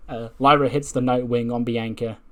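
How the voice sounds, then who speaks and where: A man's voice: medium pitch, steady tone, normal speed, fairly bright tone. A man giving casual game playthrough commentary, chatty and laughing often as he retells the action. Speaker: gaming video creator.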